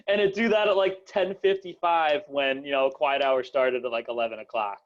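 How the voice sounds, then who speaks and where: A man's voice: mid-range voice, moderate pace. A young man hosts a casual podcast chat, rambling through stories with lots of fillers and restarts. His voice sits in a middling register. The sound is dull and lo-fi. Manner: rambling, many fillers and restarts, laughs often. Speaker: podcast host.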